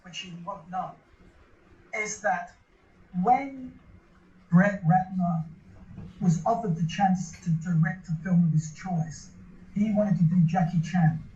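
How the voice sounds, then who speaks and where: This man, a guest in an interview, has a warm, high-pitched voice and speaks slowly with frequent pauses. He relates a long anecdote loosely, restarting and repeating himself again and again. The audio is dull, slightly lo-fi, and echoes around the room.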